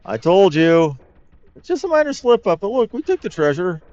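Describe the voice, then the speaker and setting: A man's voice: high voice, big pitch swings, normal speed, a little mellow, dry recording. Wry man chatting over game play. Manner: chatty, wry, rambling asides. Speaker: let's play host. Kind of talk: casual gameplay commentary. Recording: dull lo-fi mic with game music.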